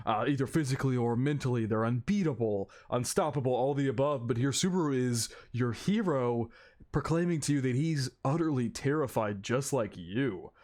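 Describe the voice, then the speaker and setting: Reacting to anime on his video, a man speaks at normal speed in a mid-range, slightly mellow voice. He gushes emotionally and swears without restraint throughout the casual commentary.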